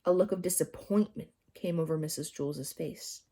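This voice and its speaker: A woman narrating a children's novel aloud in a lively storytelling manner. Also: sits low, moderate pace, hardly any pauses. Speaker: audiobook narrator.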